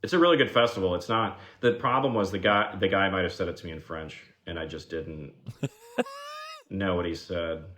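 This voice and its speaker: A man guesting on a podcast, telling stories in a casual, animated way, saying "like" a lot and acting out the people he quotes. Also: sits low, normal speed, a little hiss or hum. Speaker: guest screenwriter.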